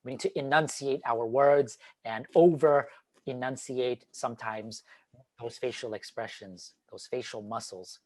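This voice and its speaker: A man giving an online talk on teaching, animated and demonstrative, swinging between loud and quiet. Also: mid-range voice, measured pace. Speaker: teacher trainer. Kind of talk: online presentation. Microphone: video call.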